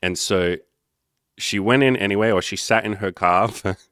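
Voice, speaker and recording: A man's voice: lowish voice, normal speed, fairly bright tone, clear, resonant tone, no room sound, studio quality. A man, a life coach, telling a story in a casual monologue, blunt and emphatic with heavy swearing.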